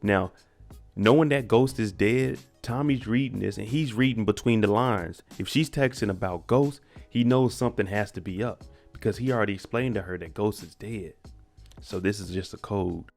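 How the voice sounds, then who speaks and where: Male recap host, low-ish voice, casual slang, chatty storytelling to viewers. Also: moderate pace, darkish tone, soft background music.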